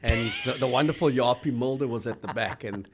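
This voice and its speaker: A man's voice: mid-range voice, a little fast, slight background noise. Brief: middle-aged man, chatty rugby host, rambling and anecdotal. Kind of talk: casual sports chat.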